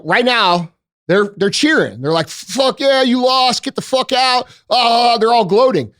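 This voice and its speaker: A man's voice: sits high, dry recording, clean studio sound. Fiery, profane man ranting on a podcast. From United States. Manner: profane, forceful, fires off rhetorical questions. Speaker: podcast host.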